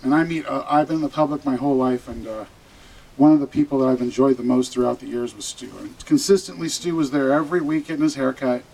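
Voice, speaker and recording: A man who works as a barber, speaking at a memorial gathering, telling anecdotes with many fillers and pauses. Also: mid-range voice, fairly even intonation, darkish tone, poor audio. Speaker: barber giving a eulogy. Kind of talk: memorial speech. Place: funeral gathering room.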